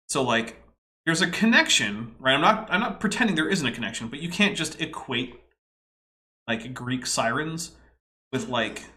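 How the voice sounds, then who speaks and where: A man's voice: mid-range voice, pushed and bright. A man hosting a casual commentary podcast, exasperated and nitpicking as he lectures about a video. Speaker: podcast host.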